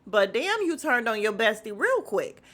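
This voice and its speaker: A woman with a voice a bit higher than most hosts a laid-back podcast. She talks in a sassy, animated way, mimicking the people she talks about with exaggerated voices. The tone stays casual and chatty. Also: normal speed. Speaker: podcast host recapping a reality show. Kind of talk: casual recap chat.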